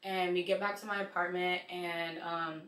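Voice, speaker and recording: A woman guest on a podcast telling a personal story in animated, casual conversation, full of "like.". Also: fairly low pitch, normal speed. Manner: animated retelling, heavy use of "like". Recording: echoey room.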